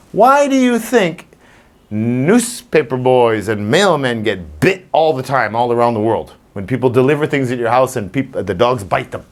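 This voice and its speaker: Male dog trainer, talks to a crowd, lively up-and-down pitch, theatrical. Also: normal speed. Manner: animated, acts out scenes with voices. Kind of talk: informal talk to a live audience.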